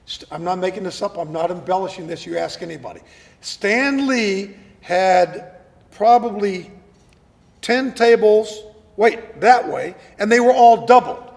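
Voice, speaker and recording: High gravelly man telling stories. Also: unhurried, big-room sound. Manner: animated storyteller, repeats words when starting sentences. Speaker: actor guest. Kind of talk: casual interview chat.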